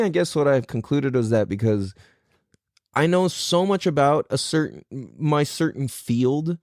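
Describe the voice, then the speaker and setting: Male solo podcaster, casual and profane, animated delivery, dry close-miked recording. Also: medium pitch, no room sound. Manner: rambling, profane, self-deprecating. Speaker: podcast host.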